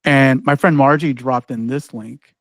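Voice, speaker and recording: A man's voice: medium pitch, steady tone, measured pace, a bit bright, no room sound. A man presenting a live online workshop, talking casually with lots of "like" and "right?" and frequent restarts as he walks through a demo. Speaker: ed-tech trainer presenting a workshop.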